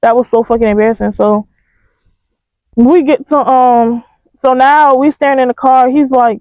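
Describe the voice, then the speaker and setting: A young woman telling a storytime in a casual, profane, animated way. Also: on the high side, brisk, no room sound, lo-fi sound. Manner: animated, profane, emphatic retelling.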